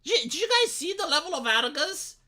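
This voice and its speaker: A woman's voice: high-pitched, big pitch swings, a little fast, sharp tone. A young woman streamer ranting in casual chat, profane and exasperated, rambling with frequent restarts. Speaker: live streamer.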